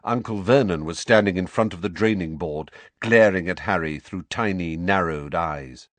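A man narrating an audiobook in an expressive storytelling manner. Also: sits low, normal speed, dry recording. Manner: expressive, lively. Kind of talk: scripted narration.

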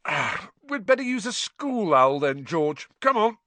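A man's voice: sits high, big pitch swings, moderate pace, fairly bright tone, no room sound, pitched above the performer's own voice, exaggerated voice. A man voicing a cheeky, teasing teenage prankster boy. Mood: brash. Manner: teasing, brash.

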